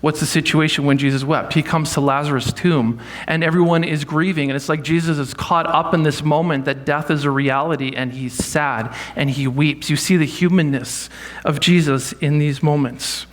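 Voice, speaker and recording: Man, pastor, conversational sermon, fairly high voice, animated delivery. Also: moderate pace. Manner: conversational, animated teaching with acted quotes. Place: church sanctuary.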